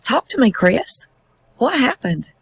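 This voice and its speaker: A woman reading aloud voices a distraught father who keeps asking disbelieving questions, her husky voice climbing high. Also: sing-song, slow, no echo, exaggerated voice. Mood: incredulous. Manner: rising, incredulous questions.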